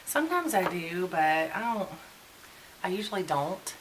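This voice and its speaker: A woman's voice: lowish voice, sing-song, unhurried, fairly bright tone, slight background noise, poor audio. A woman in her forties chatting casually and venting while doing a get-ready-with-me beauty vlog. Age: 40s. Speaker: beauty vlogger.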